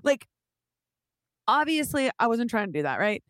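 A young adult woman casually telling an animated story, swearing offhand and acting out what people said. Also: a little high, moderate pace, no room sound. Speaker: guest storyteller.

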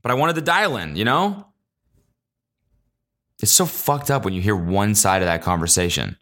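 A young man's voice, on the low side and fairly bright, moves at normal speed with lively intonation. Hosting his own podcast solo, he delivers a casual monologue of rambling, profane, jokey stories, acting out quotes in exaggerated voices.

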